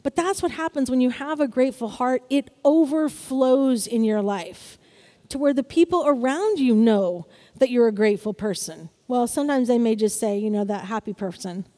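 A woman preaching to a congregation. Her voice sits high but sounds mellow and warm, and she keeps an upbeat tone, often checking in with her listeners. The sound carries a long church-hall reverb. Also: moderate pace. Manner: upbeat, calls out "Amen?" to the congregation. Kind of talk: sermon.

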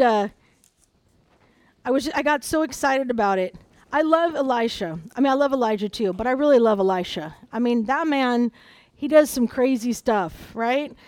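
A woman with a high voice preaches a sermon, reading scripture and breaking in with animated asides. Her voice is close and dry, with no room sound. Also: no room sound. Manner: animated, dramatizes the Bible story with voices and asides. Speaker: conference speaker.

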